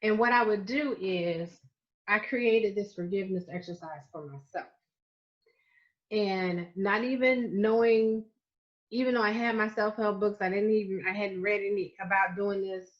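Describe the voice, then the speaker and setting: A middle-aged woman from Florida with a Southern US accent, giving an earnest, repetitive masterclass talk as a life coach, slowing down to stress key phrases. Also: mid-range voice. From Florida, United States. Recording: slightly muffled, dull audio.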